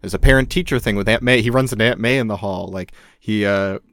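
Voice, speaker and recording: A man's voice: fairly low pitch, a bit bright, dry recording, clean studio sound. A man co-hosting a casual podcast, giving enthusiastic, opinionated takes on comics. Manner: enthusiastic, opinionated, quick agreements. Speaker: podcast co-host. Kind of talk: casual comic-book discussion.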